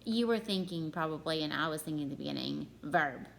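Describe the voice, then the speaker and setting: A woman's voice: low-pitched, fairly quick, vocal fry, a little hiss or hum. A woman in her thirties teaching a grammar lesson to her students at home, in a chatty way that talks straight to them.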